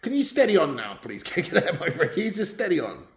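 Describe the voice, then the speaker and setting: A man's voice: on the high side, wildly swooping pitch, quick pace, echoey room. A man hosting a football watch-along livestream, chatting casually with viewers, laughing and swearing as he jokes around. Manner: jokey, laughing, swearing banter. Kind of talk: casual livestream chat reading viewer messages. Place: temporary setup on a trip in Spain.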